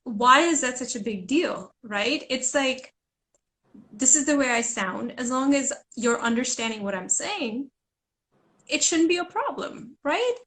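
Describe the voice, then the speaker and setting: Earnest woman guest, high-ish voice, American accent with faint Indian traces, restarts sentences. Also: expressive, measured pace, fairly bright tone. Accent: American with slight Indian hints. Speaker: guest, journalist and author. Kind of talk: casual conversation.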